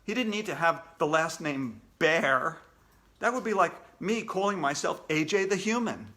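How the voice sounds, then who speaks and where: A man's voice: a little high, animated, moderate pace, pushed and bright. A man, a children's author, reading his own storybook aloud to kids in a playful way with jokey asides.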